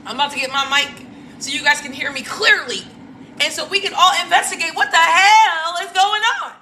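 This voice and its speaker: A woman in her thirties hosts her own talk show with a very high, bright voice. She talks in an animated, sassy way, laughing and exclaiming often as she gives casual political commentary. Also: brisk, slight background noise. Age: 30s. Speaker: host.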